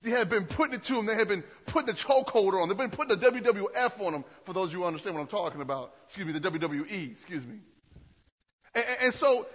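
A high-pitched man with a husky voice preaches a sermon, rambling and conversational, often restarting his sentences. The sound carries a long hall echo and is dull and lo-fi. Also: fairly bright tone. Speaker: pastor.

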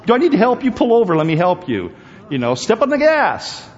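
A man putting on a fussing male highway police officer in a high, loud, mock-solicitous voice. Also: wildly swooping pitch, brisk. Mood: mock concern. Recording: long hall reverb, dull lo-fi sound.

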